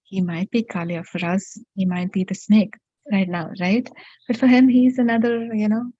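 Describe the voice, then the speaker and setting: Husky-voiced woman telling a devotional story. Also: medium pitch, fairly even intonation, normal speed, warm tone, no echo, dull audio. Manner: conversational, searching for words, many fillers.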